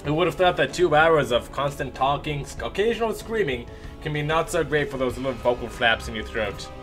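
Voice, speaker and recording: A young man, an esports shoutcaster with a sore throat, telling a rambling, animated story between matches. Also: on the high side, a little fast, over music. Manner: animated, rambling anecdote with lively voiced asides.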